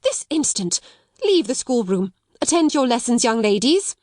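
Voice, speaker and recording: A woman reading aloud and voicing a stern, narrow-minded schoolmistress who gives sharp commands. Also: on the high side, very animated, normal speed, no echo, clean studio sound, pitched above the performer's own voice. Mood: commanding.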